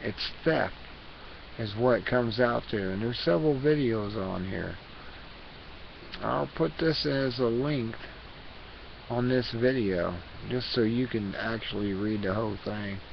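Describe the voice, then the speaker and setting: A man vlogger reading an article aloud, halting and repeating words as he goes. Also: mid-range voice, creaky. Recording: dull lo-fi recording with hiss.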